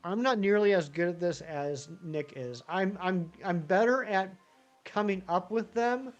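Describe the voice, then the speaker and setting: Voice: mid-range voice, unhurried, muffled recording, faint music behind. A live-streaming gamer chatting casually with viewers, rambling and answering the chat while playing.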